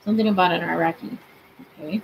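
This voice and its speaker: A woman's voice: fairly low pitch, steady tone, fast, vocal fry, slight background noise, poor audio. A woman in her twenties streaming from her bedroom, chatting casually and asking spirits questions aloud. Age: 20s. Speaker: paranormal streamer. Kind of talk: casual live-stream chat.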